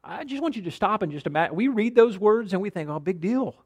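A male pastor delivers a dynamic sermon. His voice sits high for a man, climbing on rhetorical questions and falling almost to a whisper on a single emphatic word. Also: animated, fast talker, husky.

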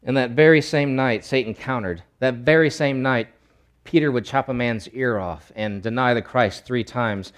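Guy preaching a sermon, punchy, gets loud then drops low, does voices for the quotes. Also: moderate pace. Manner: emphatic, swings from loud bursts to low asides.

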